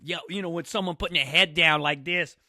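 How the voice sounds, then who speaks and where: A man talks casually to a studio audience, full of energy and acting out bits of his stories. His voice sits high and sounds bright. The recording is dry and close. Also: a little fast, dry recording. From New York City. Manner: animated, repeats "you guys", acts out quotes. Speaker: fitness coach hosting a talk.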